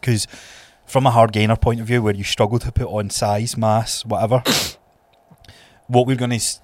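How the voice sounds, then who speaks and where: A Scottish man in his thirties co-hosting a fitness podcast, blunt and animated, swearing freely. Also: on the low side, moderate pace, no room sound. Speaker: podcast co-host and trainer. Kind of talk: casual podcast chat.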